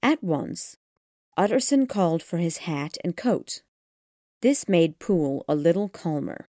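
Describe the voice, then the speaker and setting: A woman narrating an audiobook of a classic gothic tale in a steady storytelling manner. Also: lowish voice, a little slow, no echo, clean studio sound.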